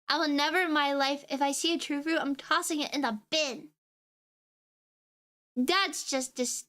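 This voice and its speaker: Pop music plays in the background as a young VTuber, high-voiced with a fairly bright tone, reacts on stream. Her casual rant is sarcastic and full of swearing, and she mockingly hums along to songs she dislikes.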